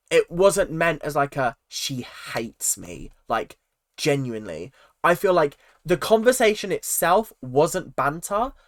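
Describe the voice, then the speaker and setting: A vlogger giving casual, opinionated commentary on a reality show, animated and acting out quoted lines in mock voices, with many fillers and restarts. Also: medium pitch, no echo, studio quality. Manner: chatty with frequent fillers and restarts.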